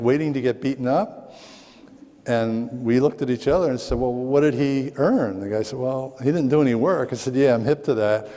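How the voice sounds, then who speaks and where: A middle-aged man from Southwest Philadelphia, a speaker on parenting, telling lively stories to an audience and acting out voices in quotes. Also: medium pitch. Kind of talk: storytelling talk to an audience. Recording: long hall reverb.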